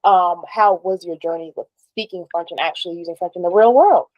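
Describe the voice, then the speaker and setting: A woman's voice: fairly low pitch, brisk, no echo, highs cut off. Curious woman asking questions, dry sound. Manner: curious, chatty questioning with hedges like "kind of". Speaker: interviewer. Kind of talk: casual interview conversation.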